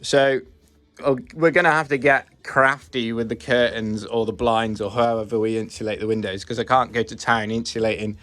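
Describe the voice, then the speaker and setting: A man's voice: medium pitch, steady tone, moderate pace, a bit bright. A man casually walking through the build of his converted bus, plain-spoken and self-deprecating, rambling along. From United Kingdom. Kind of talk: casual narrated build vlog. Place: inside a bus being converted.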